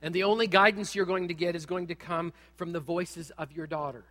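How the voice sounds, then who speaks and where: Bright, high-voiced man preaching. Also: fairly quick, in a large hall. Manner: animated storytelling, humorous asides. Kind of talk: sermon with personal story.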